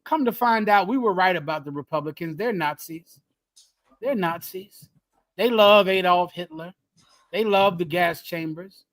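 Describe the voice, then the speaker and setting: A man leading a group and preaching in a fiery, emphatic way, repeating his phrases and swinging from loud bursts to hushed lines. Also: high-pitched. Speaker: group leader teaching scripture. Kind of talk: fiery street-style preaching.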